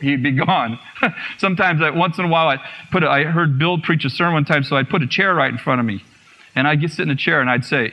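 A man giving a personal testimony in a sermon, telling his story in an animated way, acting out what was said and laughing often. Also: fairly high pitch, fast. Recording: muffled radio broadcast.

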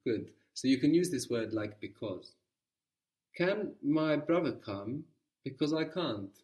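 A man's voice: medium pitch, lively intonation, measured pace, darkish tone, distant mic. A man teaching a guided language lesson, patiently prompting his student with questions.

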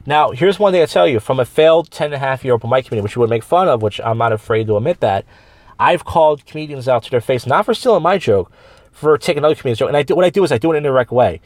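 A man hosting a casual podcast, talking at a quick clip through long, winding stories. He keeps restarting sentences and slips into quoted voices of other people. The sound is close and dry, with no room around it. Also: medium pitch, animated, no room sound. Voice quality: rambling storyteller with many restarts and quoted voices. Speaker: podcast host, open mic comedian. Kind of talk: casual chat. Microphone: studio microphone.

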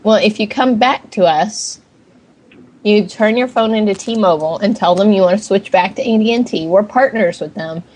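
A woman's voice: mid-range voice, moderate pace, darkish tone, slight background noise. A woman making a prank phone call as a phone company rep, brash, abrupt and profane.

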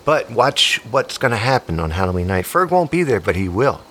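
An excitable man in his fifties hosting a comedy podcast, rambling from one joke to the next. His pitch jumps around a lot. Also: fairly quick, slight background noise. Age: 50s. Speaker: podcast host.

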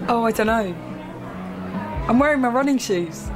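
A woman's voice: on the high side, lively intonation, moderate pace, music in the background, a crowd in the background, lightly acted. An actress playing an awkward, chatty young Englishwoman with an Estuary accent, who rambles and puts herself down, both in scenes and in voice-over narration. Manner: chatty, rambling, self-deprecating. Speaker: lead character and narrator. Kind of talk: TV comedy acting with voice-over narration.

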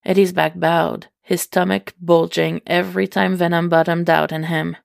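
Low, gravelly woman reading fiction. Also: level tone, moderate pace, no room sound, clean studio sound. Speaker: reader.

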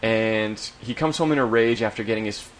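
A man's voice: fairly low pitch, moderate pace. A man co-hosting a horror review podcast, retelling an episode's plot in a dry, sardonic way. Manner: sardonic, recaps plots with acted-out quotes. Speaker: podcast co-host. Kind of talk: casual review chat.

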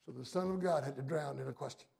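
A male pastor preaching a sermon with emphasis, his delivery swinging from hushed to loud. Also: medium pitch, fast, creaky, husky.

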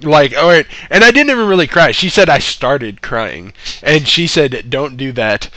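A man's voice: fairly high pitch, animated, normal speed, pushed and bright, dry recording. A man casually telling a story, swearing a lot and laughing between lines.

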